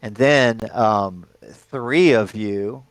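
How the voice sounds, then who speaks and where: A man running a tabletop role-playing game as game master, narrating the action haltingly with fillers and restarts. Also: lowish voice, smooth, dry recording.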